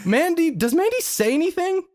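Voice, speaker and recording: A man's voice: very high voice, big pitch swings, normal speed, a little mellow. A man co-hosting a casual comedy podcast, sarcastic and exasperated, swearing a lot. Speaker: podcast co-host.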